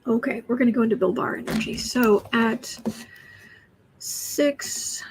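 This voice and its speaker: A woman hosting a casual tarot livestream from home, chatty, often dropping to soft whispers. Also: a little high, unhurried, noisy background. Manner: chatty, soothing her cat in soft whispers between remarks. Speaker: astrology and tarot livestream host. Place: home room.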